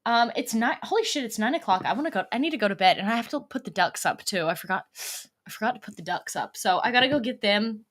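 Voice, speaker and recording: A woman's voice: fairly high pitch, expressive, fast, a bit bright. Blunt, profane woman streamer. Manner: blunt, profane, rambling storytelling. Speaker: livestream host. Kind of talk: casual rambling monologue.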